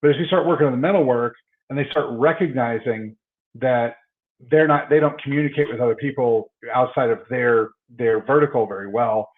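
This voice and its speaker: A man's voice: mid-range voice, a little fast. A middle-aged man, a guest chiropractor, telling stories in a casual podcast conversation and often restarting his words. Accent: Texan. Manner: storytelling, many repeated word starts. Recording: tinny phone-like line.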